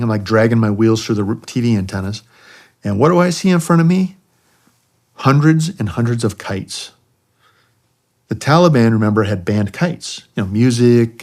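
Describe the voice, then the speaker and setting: A middle-aged man from the United States, a retired army helicopter pilot, casually telling war stories and often checking in with a questioning "right?". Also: on the low side. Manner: relaxed, tags points with a questioning "right?". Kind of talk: casual storytelling in a conversation.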